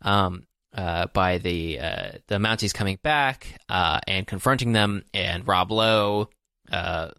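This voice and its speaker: Casting: male podcast co-host, bright and forward, dry close sound, loose rambling delivery full of uh and um. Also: sits low, takes it slowly, creaky, clean tone, no room sound. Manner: rambling, many fillers and restarts. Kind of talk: casual movie discussion.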